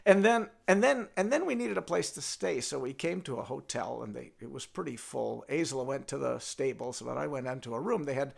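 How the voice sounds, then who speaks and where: An older man spins a village folktale. His voice is high and gravelly, and his pitch leaps all over. He is playful and animated, as if he is sharing the tale with a friend. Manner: animated, playful, talks to his donkey puppet. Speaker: storyteller. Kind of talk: oral folktale telling.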